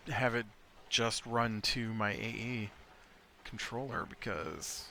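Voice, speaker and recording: A man's voice: fairly low pitch, slow, sharp tone, slight background noise. An American man giving casual gameplay commentary, thinking aloud and rambling with lots of fillers. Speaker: let's play host.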